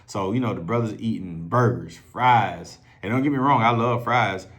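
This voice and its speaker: A man's voice: fairly low pitch, normal speed, fairly bright tone. A man in a casual, profane storytelling monologue, talking loosely and conversationally as a self-improvement coach. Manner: loose, profane and conversational, acting out others' voices.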